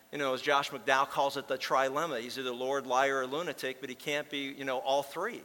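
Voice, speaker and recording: A man's voice: medium pitch, steady tone, a little fast, hardly any pauses, pushed and bright. A man preaching a sermon as pastor, with folksy storytelling and emphatic repetition. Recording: long reverb in a large hall.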